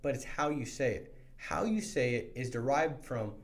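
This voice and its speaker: The voice is a man at a middle pitch, talking with energy as he coaches new insurance sales agents. His delivery is casual and motivational, and he often restarts a phrase before pushing on. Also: normal speed. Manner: energetic and conversational, with frequent restarts. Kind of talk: motivational sales training talk.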